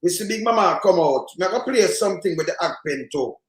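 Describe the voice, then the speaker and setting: A man's voice: sits high, animated, quick pace. A Jamaican man hosting a casual political commentary show, rambling and emphatic in heavy patois. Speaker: host. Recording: echoey room.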